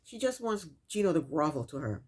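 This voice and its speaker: A woman's voice: sits low, big pitch swings, a little fast, darkish tone, husky. Sassy woman recapping reality TV. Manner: sassy, scolds the people on screen. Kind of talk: casual recap commentary.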